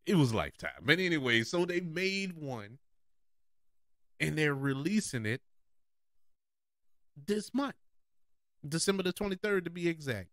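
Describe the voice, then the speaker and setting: A man's voice: on the high side, fairly bright tone, no echo, clean studio sound. A man hosting a casual movie preview show, chatty and often laughing. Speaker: podcast host.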